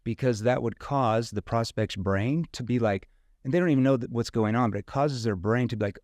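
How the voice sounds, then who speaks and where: A man's voice: medium pitch, a little fast, a little mellow, dry recording. A man from rural Missouri, a sales trainer talking casually in an interview and acting out questions in different tones.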